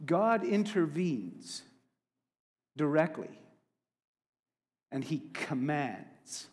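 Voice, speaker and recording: A man with a high voice preaches a sermon at a slow, deliberate pace. He is emphatic and drops casual asides, and his voice carries a long reverb from a church hall. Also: very animated, darkish tone.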